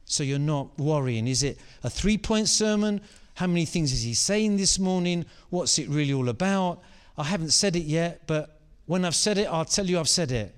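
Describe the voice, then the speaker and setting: A man preaching a sermon, animated and repeating phrases for emphasis. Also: fairly high pitch, normal speed, clear, resonant tone.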